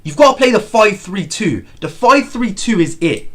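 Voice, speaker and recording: Young man, live football watchalong host, excitable, lively pitch swings, bright voice. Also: brisk. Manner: excitable, repeats himself, swings from outraged shouts to muttering. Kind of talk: live match watchalong commentary.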